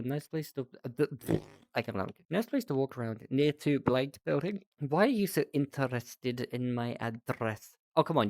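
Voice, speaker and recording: Young man, casual reaction reading, giggly and exasperated, mid pitch, dry close sound. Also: no room sound. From Britain. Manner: laughing often, exasperated, stumbling restarts, jumps in pitch. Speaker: streamer reading posts.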